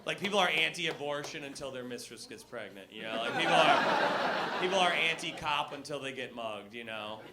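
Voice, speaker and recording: A young man doing a stand-up comedy set, brash and profane, working the crowd and shouting his punchlines over audience laughter. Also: medium pitch, animated, normal speed, heavy background noise. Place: comedy club with live audience.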